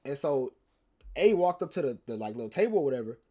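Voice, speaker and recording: A man's voice: medium pitch, big pitch swings, fast, dark tone. A young man, telling a rambling, slangy story to his stream chat and teasing viewers. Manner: rambling, slangy, repeats himself, teases chat.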